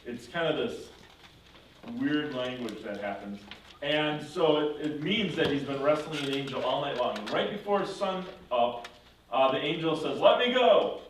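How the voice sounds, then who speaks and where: A man's voice: medium pitch, a little slow. Man teaching, echoey and distant. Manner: animated retelling, acting out characters, self-correcting. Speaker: confirmation class teacher. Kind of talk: classroom storytelling. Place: church classroom. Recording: echoey room from far off with faint noise.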